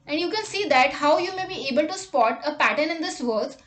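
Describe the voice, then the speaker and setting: A woman reading a scripted English vocabulary lesson, saying example words and sentences slowly and deliberately. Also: high voice, expressive, fairly bright tone, roomy sound. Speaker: English teacher.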